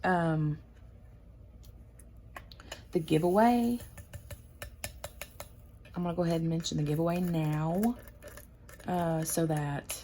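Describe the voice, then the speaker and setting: A woman's voice: sits low, slow, long pauses, warm tone, slight background noise. A woman hosting a craft channel, chatting casually and rambling with lots of fillers. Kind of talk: casual chat.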